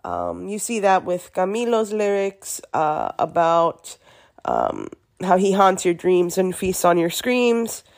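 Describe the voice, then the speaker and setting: A woman hosting a podcast alone, chatty with many fillers, her voice gravelly from being sick. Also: on the low side, sing-song, slow. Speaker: podcast host. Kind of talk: podcast monologue.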